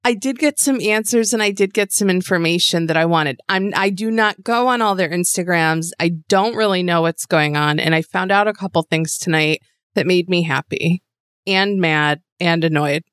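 A woman's voice: on the low side, normal speed, fairly bright tone, clear, resonant tone, dry recording, studio quality. Chatty woman podcast co-host. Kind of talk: casual chat.

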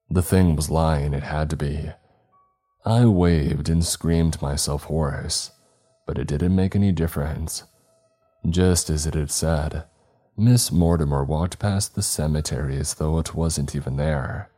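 Horror narrator, male, extremely low and dark voice, measured delivery. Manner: measured, dramatic storytelling.

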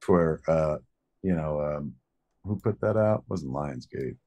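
A man co-hosting a podcast, telling a long story in a rambling, profane, animated way. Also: extremely low pitch, a little slow. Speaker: podcast co-host. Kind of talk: casual storytelling chat.

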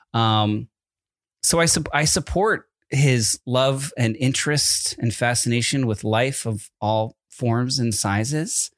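A man in his thirties with a mid-range voice, chatting easily on a podcast in a dry, close room. He hesitates and restarts a lot and talks in a relaxed, conversational way. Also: medium pitch, dry recording. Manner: easygoing, hesitant, lots of fillers and restarts. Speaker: podcast co-host, parent. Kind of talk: casual chat.

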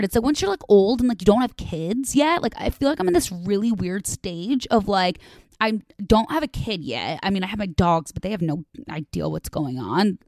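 A woman's voice: mid-range voice, very animated, brisk, vocal fry, a little mellow, dry recording, clean studio sound. A young woman hosting a podcast, talking from her condo in a casual, dramatic confessional monologue full of "like" and casual swearing. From Chicago area, USA. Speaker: podcast host. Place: home, a condo.

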